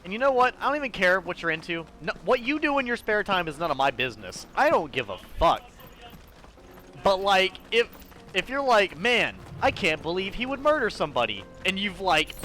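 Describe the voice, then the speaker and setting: A man's voice: sits high, very animated, bright, forceful tone, soft background music. A young man casually commenting on a game as he plays, rambling, swearing freely and laughing often. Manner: profane, rambling, quick to laugh. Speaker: gamer playing through a game.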